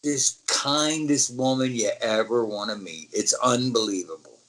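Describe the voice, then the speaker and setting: Heard on a rough recording, a man of medium pitch speaks a little slowly as an interview guest. The former wrestler is an animated storyteller who casually acts out others' dialogue, with the odd swear word mixed in.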